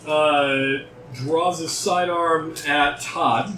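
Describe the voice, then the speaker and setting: A man's voice: a little high, steady tone, extremely slow, pushed and bright. A man narrating as game master of a tabletop game, playful and jokey, heard from a distance in a roomy space with background noise. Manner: playful, jokey, bursts into laughter and silly sound effects.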